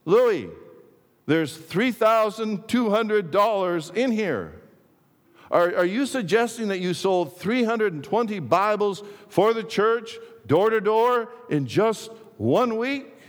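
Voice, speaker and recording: An excitable minister exclaims in a raised voice, much higher than the narrator's own, played by a preacher in a sermon. His voice rings through a long hall reverb. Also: unhurried, few pauses. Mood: astonished. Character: excitable middle-aged male minister.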